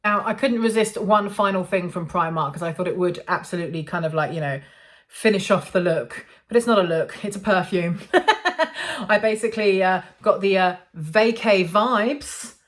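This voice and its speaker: Chatty woman, low voice. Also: expressive, normal speed. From England. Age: 40s. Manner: chatty, self-amused, with many ums. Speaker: beauty vlogger. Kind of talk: casual make-up review to camera.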